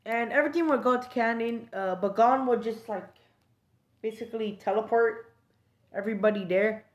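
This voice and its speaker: A woman's voice: fairly high pitch, moderate pace. A woman improvising a fan-fiction story aloud, hesitant with many fillers and restarts.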